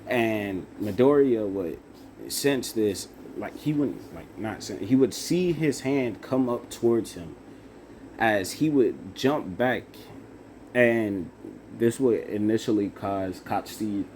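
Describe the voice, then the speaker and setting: A young man improvising a fan-fiction story out loud, halting with fillers and self-corrections. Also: fairly low pitch, lively intonation, slight background noise.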